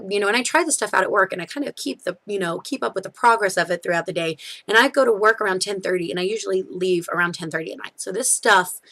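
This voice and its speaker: A young woman giving a casual, chatty review of beauty products, full of fillers and quick self-corrections. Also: on the low side, a bit bright. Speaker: beauty vlogger.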